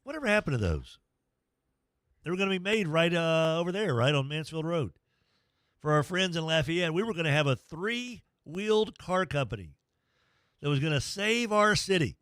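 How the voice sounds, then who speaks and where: A man's voice: on the high side, animated, normal speed, a bit bright, dry recording, studio quality. A middle-aged man hosting sports talk radio, rambling and joking at his own expense. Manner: rambling, jokey, self-deprecating.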